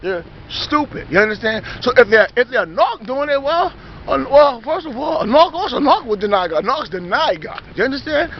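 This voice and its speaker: A man's voice: very high voice, sing-song, moderate pace, muffled recording, slight background noise. A man preaching informally in a repetitive, emphatic way, often stopping to check that listeners understand, and restarting his sentences as he rambles on. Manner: repetitive, emphatic, keeps asking "you understand?"; rambling, self-correcting restarts. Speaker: lay preacher.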